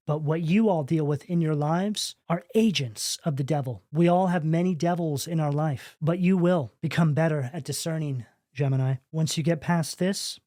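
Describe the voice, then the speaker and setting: A man's voice: on the high side, warm tone, no echo, studio quality. A man giving a tarot reading in a preachy, emphatic way, often asking "right?". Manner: preachy, emphatic, rhetorical questions. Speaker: tarot reader.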